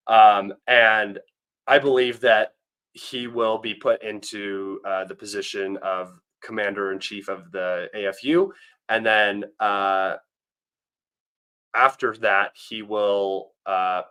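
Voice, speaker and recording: A man's voice: lowish voice, fairly bright tone. An American man hosting a livestream, giving casual commentary in a rambling way with many fillers and restarts. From United States. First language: English. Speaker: livestream host.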